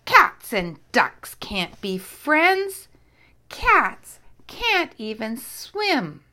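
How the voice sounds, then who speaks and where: A woman voicing a grumpy male mallard duck in a children's story, loud and squawking. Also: on the high side, huge pitch swings, extremely slow, exaggerated voice. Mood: scornful.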